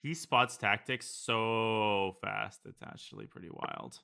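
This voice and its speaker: A man with a fairly low, bright and forceful voice talks through his online blitz games as he plays them. He thinks aloud and jokes around in a casual streaming manner. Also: slow, gravelly, smooth. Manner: casual, joking, thinking aloud over moves. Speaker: chess streamer. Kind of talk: live commentary while playing online blitz.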